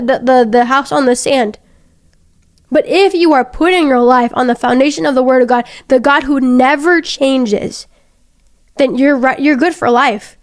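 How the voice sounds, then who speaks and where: A woman's voice: high voice, no echo, clean studio sound. A young woman hosting a faith podcast, retelling a Bible story in casual, earnest talk with many fillers and restarts.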